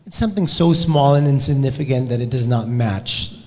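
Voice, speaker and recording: A man speaking as a guest on a live podcast in a relaxed, chuckling way. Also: medium pitch, fairly quick, long reverb tail.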